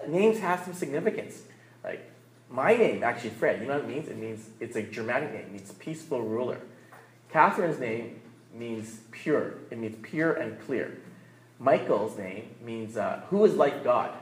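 Chatty male pastor in a roomy church. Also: fairly high pitch. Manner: conversational, asks "right?" often, laughs between points. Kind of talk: sermon. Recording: roomy echo.

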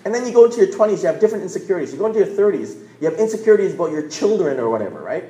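A man's voice: high-pitched, very animated, racing, mellow. A man, preaching a sermon in a conversational storytelling way. He often restarts words and checks in with "right?". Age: 40s. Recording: roomy echo.

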